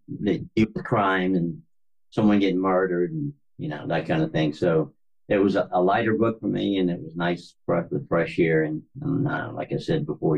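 Deep, husky-voiced male author on a dull line. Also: a little mellow. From Florida, US. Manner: halting, many fillers and restarts. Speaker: author and podcast guest. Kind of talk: conversational interview.

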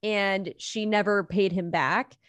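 A woman's voice: mid-range voice, steady tone, slow pace, dry recording. A young adult woman co-hosting a podcast, talking in a rambling, hesitant way with lots of fillers. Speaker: podcast co-host. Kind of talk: casual gossip chat.

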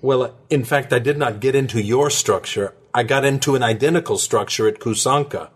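A calm, formal male scientist, voiced by a male narrator answers in a polite, precise, mid-pitched husky voice. He speaks with small stumbles yet stays even and composed in this audiobook scene. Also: fairly quick, close to an everyday voice. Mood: measured. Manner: polite, precise, slightly hesitant.

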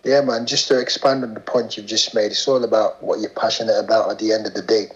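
Slangy podcast co-host. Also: male voice, fairly low pitch, flat delivery, quick pace. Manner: swearing, laughing, slangy. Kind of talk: casual banter. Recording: dull lo-fi podcast sound.

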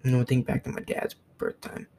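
A man's voice: fairly quick, dark tone, slight background noise, poor audio. A young man from the United States giving a blunt, profane opinion rant to camera, repeating himself as he talks. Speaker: vlogger.

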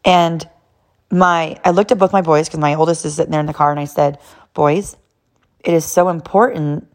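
Loud, chatty mom telling a story. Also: female voice, low voice, fairly quick. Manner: loud, animated, repetitive with many fillers. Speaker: mother telling a personal story. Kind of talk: casual storytelling.

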